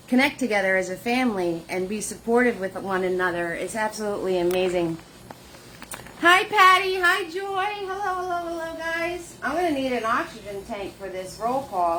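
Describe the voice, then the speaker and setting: A woman leading a live painting lesson, chatty and warm with viewers, greeting them by name in sing-song hellos. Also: medium pitch, a little fast, a little hiss or hum. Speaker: painting instructor.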